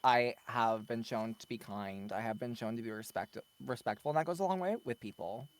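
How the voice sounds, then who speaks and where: A man chatting casually as an interview guest, from the Southern United States, quick to slip into playful put-on voices when telling stories. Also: mid-range voice. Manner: chatty, puts on exaggerated Southern voices when quoting people. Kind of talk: casual chat.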